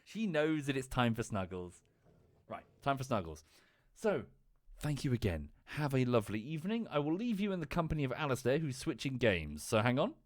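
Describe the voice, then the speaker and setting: A man's voice: medium pitch, big pitch swings, brisk, no echo, studio quality. A man livestreaming, chatting casually in a rambling way. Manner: rambling, lots of fillers and restarts. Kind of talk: casual stream chat.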